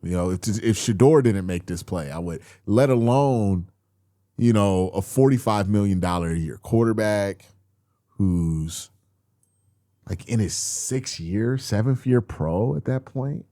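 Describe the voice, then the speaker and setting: A man's voice: lowish voice, measured pace, no room sound, studio quality. A man hosting a casual football film review, talking straight to his viewers and getting exasperated, with some swearing. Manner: animated, exasperated, swears, addresses viewers as y'all. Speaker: football film breakdown host.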